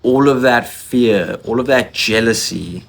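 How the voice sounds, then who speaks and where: A man telling a personal confessional story in an emotional, intense way, often halting and restarting his sentences. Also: mid-range voice, creaky, slight background noise.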